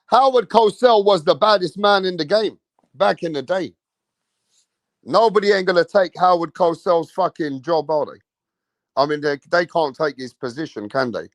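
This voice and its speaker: A man's voice: a little high, no echo. A man hosting a casual livestream, swearing and using slang as he rants and talks to his chat. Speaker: livestream host.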